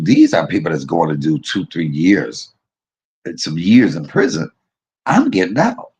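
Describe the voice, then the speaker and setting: A man casually telling a personal story to his viewers, animated, blunt and profane, laughing at himself as he goes. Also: low-pitched, breathy edge. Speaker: vlogger.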